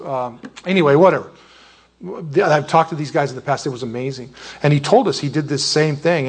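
A man's voice: a little high, breathy edge. A male pastor giving a sermon in a rambling, conversational way, often losing his train of thought.

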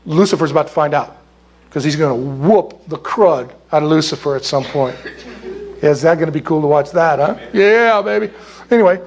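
A man preaching a sermon in an animated, jokey way, with acted asides. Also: fairly high pitch, normal speed, breathy edge. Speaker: pastor.

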